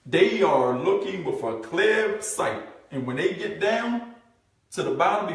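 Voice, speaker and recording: A man coaching a group on marketing, animated and repetitive, often checking in with "right?", acting out what his prospects think. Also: sits high, unhurried. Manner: animated, acts out prospects' thoughts. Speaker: network marketing trainer. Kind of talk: live group coaching session. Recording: very echoey room, mic far off.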